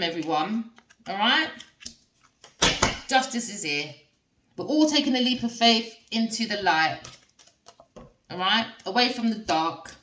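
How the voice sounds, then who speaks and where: A woman giving a casual tarot reading, talking straight to her viewers with lots of tag questions and excited outbursts. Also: on the low side, recorded from a distance. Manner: addresses viewers directly with frequent tag questions; expressive, with sudden gasps and excited outbursts. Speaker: tarot reader. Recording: roomy sound from away from the mic.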